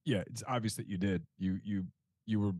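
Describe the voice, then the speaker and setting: Man, podcast host, low voice, relaxed, easygoing, dry room. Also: brisk, no room sound. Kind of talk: casual interview chat.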